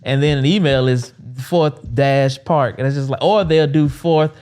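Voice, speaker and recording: A man in his thirties, an agency owner, talking casually and with animation about business names, full of quick asides. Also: mid-range voice, a little mellow, clean tone. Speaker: agency owner and podcast host.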